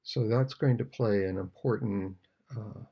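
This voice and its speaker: Slow, gravelly older man teaching music. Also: lowish voice, highs cut off. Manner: unhurried, thoughtful, sings out rhythms. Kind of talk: relaxed video lesson on music.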